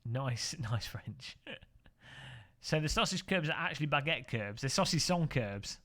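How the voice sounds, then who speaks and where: A man's voice: medium pitch, expressive, unhurried, fairly bright tone. A man from England, chatting casually on a sim racing live stream, rambling and joking as he corrects himself.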